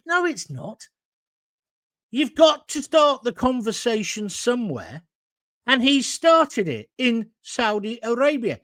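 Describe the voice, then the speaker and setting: A man's voice: very high voice, very animated, slow pace, fairly bright tone, no room sound. A middle-aged man hosting a talk show, giving blunt, combative opinions and reading out viewer comments.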